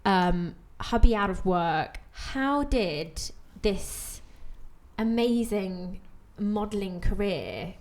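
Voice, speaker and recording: A young adult woman hosting a podcast, pregnant, talking candidly and thinking out loud about her worries. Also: mid-range voice, expressive, drawn-out words. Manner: candid, reflective, talks through her worries. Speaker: podcast host. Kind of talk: open conversational interview.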